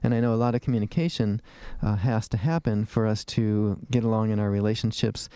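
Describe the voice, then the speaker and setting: A man's voice: on the low side, fairly even intonation, brisk, mellow, clean tone, dry recording. A man hosting a radio talk show as a dentist, chatting in a rambling way with fillers and restarts from a studio.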